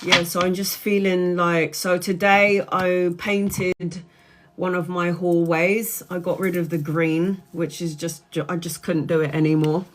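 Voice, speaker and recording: A woman's voice: lowish voice, level tone, unhurried, a little hiss or hum. A woman, congested and bunged up, chatting in a rambling way on a home live stream as a tarot reader and answering viewers' comments. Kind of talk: casual live-stream chat.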